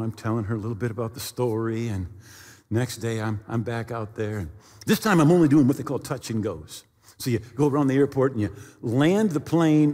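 A man's voice: medium pitch, dark tone. A middle-aged man preaching a sermon, telling a personal story with sound effects and acted quotes. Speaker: pastor. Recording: long hall reverb.

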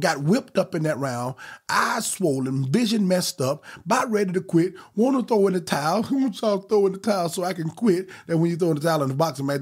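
This podcast sermon comes from a man whose voice is high and husky, and he drives it forward with a climbing, rhythmic urgency. For emphasis, certain phrases tumble out quickly while others are stretched long.

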